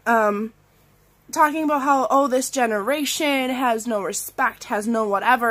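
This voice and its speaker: A woman vlogging from bed while sick with strep throat, telling an animated story full of "like" fillers and acted-out quotes. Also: fairly high pitch, moderate pace. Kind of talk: casual storytime rant. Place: in bed at home.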